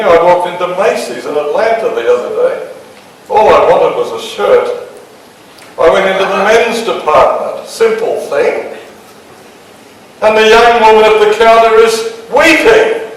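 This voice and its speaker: A man's voice: sits high, animated, moderate pace, far from the mic. A man from Australia with an Australian accent, a pastor telling a humorous story in a sermon and acting out the dialogue. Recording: echoey hall, mic from afar, faint noise.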